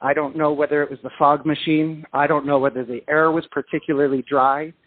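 A man from England, a singer and dancer, telling a story over the phone in an animated, self-deprecating way with frequent restarts. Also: on the high side, brisk, no room sound. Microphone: telephone. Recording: tinny phone line.

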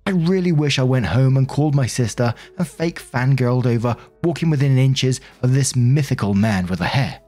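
A man's voice: mid-range voice, darkish tone. A man reading a funny post aloud and adding casual commentary, amused and laughing along. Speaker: storyteller reading a Reddit post.

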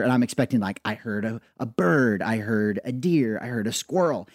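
A man's voice: mid-range voice, normal speed, few pauses, no room sound, clean studio sound. A man in his thirties hosting a podcast, telling jokey stories about his young son. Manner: joking, animated storytelling. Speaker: podcast host. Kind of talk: casual chat.

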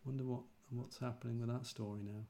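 An English man with a North Midlands accent chats on a podcast. He is relaxed and rambling, circling back to fix his own sentences as he goes. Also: medium pitch, fast talker, gravelly, slight background noise. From England. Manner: relaxed, rambling, self-correcting. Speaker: preacher. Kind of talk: casual podcast chat.

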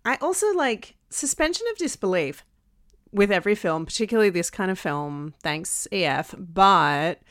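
A woman co-hosting a podcast, telling stories in a chatty, animated way. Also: medium pitch, normal speed, no echo, clean studio sound. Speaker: podcast co-host. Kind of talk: casual chat.

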